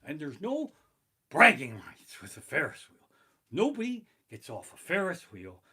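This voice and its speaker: A man performing a profane stand-up comedy set, streamed live from his living room, breaking into shouted bursts of panic. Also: fairly high pitch, huge pitch swings, a little slow, slightly rough. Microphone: basic home streaming mic.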